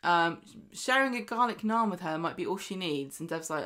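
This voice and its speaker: A woman's voice: on the low side, lively intonation, normal speed, a bit bright. A woman co-hosting a podcast, chatting casually about a soap opera and acting out characters' lines with bursts of emphasis. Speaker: podcast co-host. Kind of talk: casual chat reviewing a soap.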